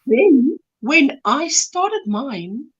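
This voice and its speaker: A woman's voice: high-pitched, very animated, very slow, lo-fi sound. A woman with a South African accent, chatting casually as a guest in an interview and laughing as she explains things. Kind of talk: casual video-call interview. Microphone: video call.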